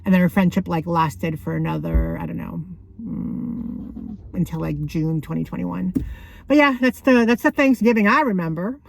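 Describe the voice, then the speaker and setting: A woman's voice: fairly low pitch, moderate pace, creaky. Chatty rambling woman vlogger. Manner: rambling, self-correcting, laughs often. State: out of breath. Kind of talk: casual chatty storytelling.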